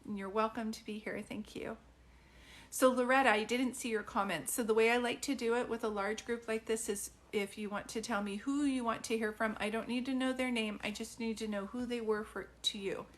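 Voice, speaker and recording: Chatty woman medium, slightly high voice. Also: steady tone, fairly quick. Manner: chatty, addresses viewers as sweetie, many ums. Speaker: psychic medium doing live readings. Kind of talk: livestream chat with viewers.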